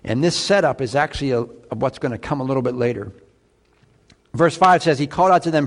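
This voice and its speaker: A man with a fairly high voice preaches a sermon in a conversational way. He puts questions to the congregation and moves between loud, emphatic lines and low, quiet asides. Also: expressive, brisk. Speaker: pastor.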